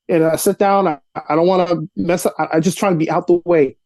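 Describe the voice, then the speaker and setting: A man from Brooklyn spins a story on a video call, his voice mellow and dark in tone. The sound is dry, with no room around it. He acts out the people in his story, jumping higher as he does. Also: fast talker, no echo. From Brooklyn, New York. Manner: animated storyteller, acts out dialogue with rising pitch. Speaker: actor and comedian guest. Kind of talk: casual storytelling interview. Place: cluttered apartment room.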